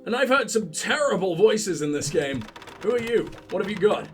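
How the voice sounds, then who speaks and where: A man's voice: high voice, animated, normal speed, a bit bright, soft background music. A sick man with a headset, mocking the game in sweary let's play commentary and laughing at his own jokes. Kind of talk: casual gameplay commentary.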